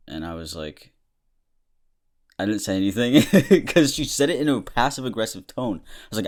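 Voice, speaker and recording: A man's voice: sits low, normal speed. A young man hosting a podcast, telling stories in a chatty, self-deprecating way and laughing often. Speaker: podcast host. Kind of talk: casual comedic monologue.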